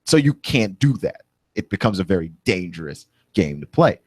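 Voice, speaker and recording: A man's voice: sits low, big pitch swings, normal speed, darkish tone, husky, no room sound. A man hosting a radio talk show, ranting with indignant, rising emphasis from a studio microphone.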